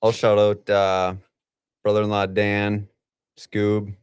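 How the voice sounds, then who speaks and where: A laid-back man chatting on a live podcast, with a somewhat low voice. The sound is close and dry. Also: completely flat delivery, takes it slowly, clean tone, dry recording. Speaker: podcast co-host. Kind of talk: casual chat.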